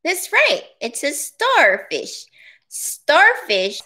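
A woman leading a preschool circle-time lesson, speaking patiently and encouragingly with drawn-out words for small children. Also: high voice, wildly swooping pitch, noisy background. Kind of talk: slow, sing-song preschool lesson.

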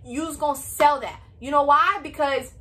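A woman's voice: high voice, normal speed, sharp tone. A woman in her twenties with a Hispanic American accent, giving work advice in a chatty, peppy, repetitive vlog style. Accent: Hispanic American English.

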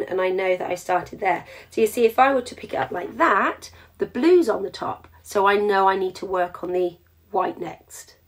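A woman, teaching a jewellery craft in a chatty live demonstration and explaining each step as she works. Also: on the high side. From England.

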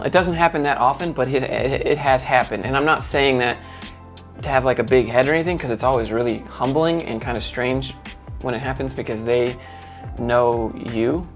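A man hosting his own video channel, telling a dating story in a casual, animated way. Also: mid-range voice. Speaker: YouTube host.

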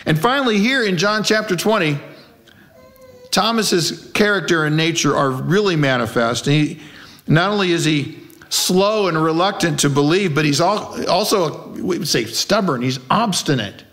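A man preaching a sermon in a church, his voice sitting a little above the usual male pitch. He keeps it conversational and throws out rhetorical questions. He acts out the lines he quotes in character voices. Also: lively intonation, moderate pace, fairly bright tone. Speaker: pastor.

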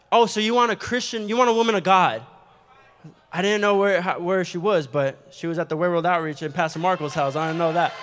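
A young adult man preaching a testimony sermon in a church, animated and storytelling, with quick asides. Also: high-pitched. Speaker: guest preacher giving testimony. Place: church sanctuary. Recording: long hall reverb.

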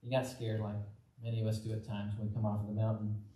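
A man's voice: on the low side, monotone, fast talker, dark tone. A man from Texas preaching a conversational sermon as pastor, often acting out the voices of Bible figures. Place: church sanctuary. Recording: echoey church hall from off mic.

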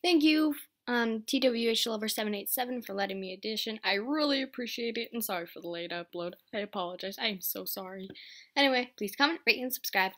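A woman's voice: a little high, fairly quick, a bit bright. Chatty, apologetic young woman. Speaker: voice actor auditioning. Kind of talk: casual audition vlog.

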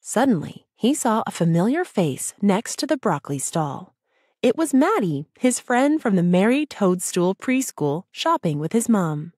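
Gentle woman narrating a children's story. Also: mid-range voice, big pitch swings, a little slow, slightly rough, dry recording, studio quality. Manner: gentle, sing-song storytelling. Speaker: audiobook narrator.

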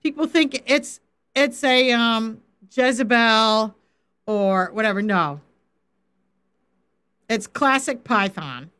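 Slow-paced and pausing often, this woman speaks with a fairly high, slightly bright, clear and resonant voice. She is a middle-aged faith coach teaching from the Bible on a livestream, speaking firmly and straight to people in the chat.

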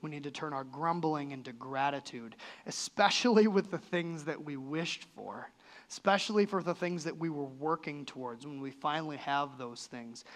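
This sermon comes from a male pastor whose mid-range voice has a bit of brightness. Speaking earnestly and conversationally in church, he lets his voice rise and fall in sudden swings.

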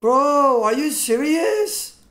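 A man streaming live gameplay, trash-talking and swearing a lot, with sudden bursts of yelling as he coaches viewers through fights. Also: very high voice, very animated, slow, soft background music.

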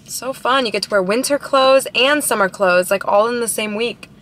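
A woman's voice: a little high, normal speed, a bit bright. A bubbly, talkative woman of about twenty, vlogging casually from her car at a drive-thru. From Ohio, USA. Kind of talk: casual chatty vlog. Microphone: camera in the car.

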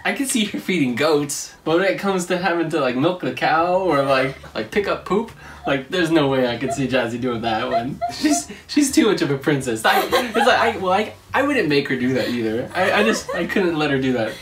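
A man's voice: on the high side, sing-song, normal speed, far from the mic, noisy background. A young man co-hosting a couple's vlog, chatting casually and teasing through a party game, laughing often. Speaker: co-host of a couple channel.

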